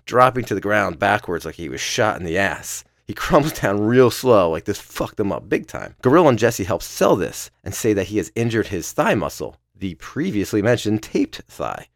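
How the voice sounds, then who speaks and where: Low male podcast host, loose and profane, very animated delivery, dry close sound. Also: moderate pace, creaky, few pauses, dry recording. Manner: profane, playful play-by-play with laughs. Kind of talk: casual match recap.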